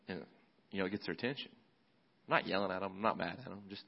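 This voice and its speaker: A man preaching a sermon as a pastor, relaxed and conversational, often restarting his phrases. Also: low voice, racing, vocal fry, long pauses, muffled recording.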